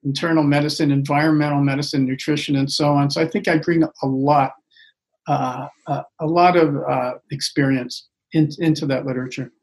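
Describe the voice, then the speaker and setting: A man's voice: a little high, fairly even intonation, fairly quick, darkish tone, poor audio. An older man, a physician, answering interview questions in an earnest, reflective way, often restarting his phrases. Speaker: physician guest. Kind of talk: interview conversation.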